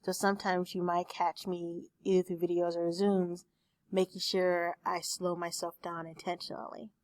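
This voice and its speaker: A woman speech teacher recording a lecture for her class on a desktop microphone, explaining terms slowly with examples. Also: lowish voice, level tone, darkish tone, dry recording. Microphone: desktop USB microphone.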